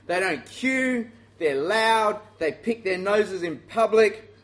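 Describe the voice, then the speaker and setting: A high-voiced Australian man giving a sermon. He talks in a lively, self-mocking and direct way as he leads his listeners through the questions. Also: slow pace. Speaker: preacher.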